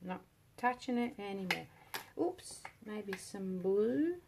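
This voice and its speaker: A woman talks through her resin pour in a casual, half-murmured way, drifting between thoughts as she works. Her voice sits at a middling pitch. Faint background hiss hangs under the recording from an indoor home studio. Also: animated, slow, vocal fry. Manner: chatty, murmured running commentary, often trailing off. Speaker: resin artist. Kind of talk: casual narration while working.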